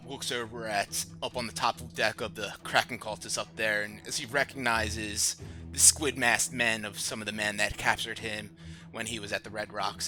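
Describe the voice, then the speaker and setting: A man runs a tabletop game as its narrator, rambling casually and filling gaps with ums. His low voice has a bright, cutting edge. Soft music plays behind him. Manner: loose and chatty, with fillers and laughs. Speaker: game master. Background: background music.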